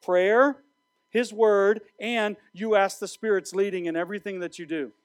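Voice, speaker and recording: Youth pastor, male, high-pitched, animated preacher; dry close sound. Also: normal speed, clear, resonant tone, no room sound. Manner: animated preaching with direct address. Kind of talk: sermon.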